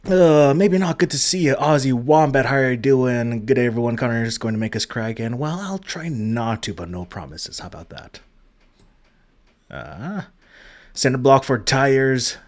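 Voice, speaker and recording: A man hosting a livestream, chatting casually and greeting viewers by name. He talks in a gentle, heartfelt way, trailing off with ums and uhs, at a middling pitch for a man. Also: expressive, moderate pace. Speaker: livestream host. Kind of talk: casual memorial livestream chat.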